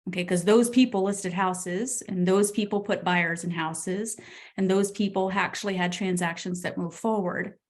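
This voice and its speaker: Blunt, energetic woman coach. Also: on the low side, normal speed. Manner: blunt, energetic, laughs often. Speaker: real estate coach. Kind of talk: coaching talk on a group call.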